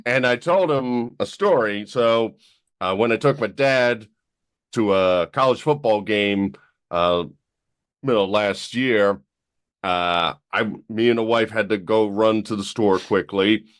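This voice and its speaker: A man co-hosting a podcast, telling stories in a relaxed chatty way. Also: lowish voice, a little slow, smooth, dry recording. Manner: storytelling, easygoing. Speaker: podcast co-host. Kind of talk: casual chat.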